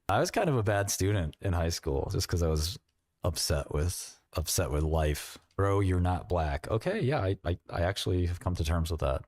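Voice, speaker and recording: A middle-aged man with a New York accent hosting a livestream, rambling with quick asides and mocking questions. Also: low voice, expressive, darkish tone, no room sound, studio quality. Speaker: livestream host. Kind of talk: casual livestream chat.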